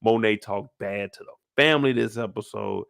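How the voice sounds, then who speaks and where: A man hosting a casual episode recap, animated and profane, firing off rhetorical questions. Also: on the low side, moderate pace, vocal fry, no echo, studio quality. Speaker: show recap host.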